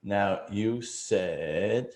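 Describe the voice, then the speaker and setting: A man's voice: lowish voice, drawn-out words, darkish tone. A man hosting an interview, mostly giving short listening replies and fumbling while he searches online. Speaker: interview host. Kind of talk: casual interview.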